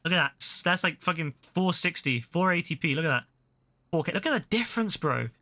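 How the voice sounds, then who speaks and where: Brash, bright-voiced young streamer guy. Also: fairly high pitch, animated, a little fast. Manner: profane, mock-outraged banter. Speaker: game streamer. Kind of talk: casual live-stream chat.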